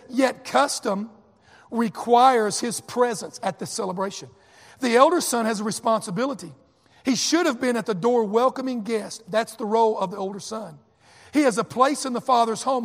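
High-voiced preacher in a reverberant hall. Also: male voice. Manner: preaching with emphatic repetition. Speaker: pastor. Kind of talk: sermon.

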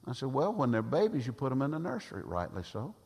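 A husky-voiced man preaching with a lively, swinging delivery. He hammers his points home by repeating phrases, and his voice rings out with a long echo through a church hall. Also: medium pitch, fast. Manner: emphatic, repeats phrases for effect. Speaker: pastor. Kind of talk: sermon. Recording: long reverb of a large hall.

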